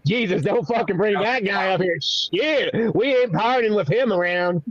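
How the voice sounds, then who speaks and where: A man's voice: high voice, normal speed, dry recording, pitched above the performer's own voice, close to an everyday voice. Grumbling partying Jesus, as a man puts him on. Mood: exasperated. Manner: exasperated grumbling, swearing. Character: grumpy partying male Jesus, irritated. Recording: dull dry recording.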